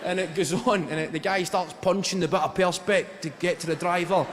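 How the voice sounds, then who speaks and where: On a theatre stage, a Glaswegian stand-up comedian with a high voice delivers a brisk routine, swearing freely and building animated stories to loud, shouted punchlines. Audience laughter fills the room. The recording has long hall reverb, loud ambience, and background noise.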